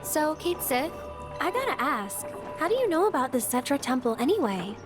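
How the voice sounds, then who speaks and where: A cheeky young thief talks high and bouncy, pushing everyone along, with a lively swing in her voice. Game music sits clearly behind her. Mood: cocky. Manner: quick, pushy, cheeky. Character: brash young woman thief, greedy and impatient.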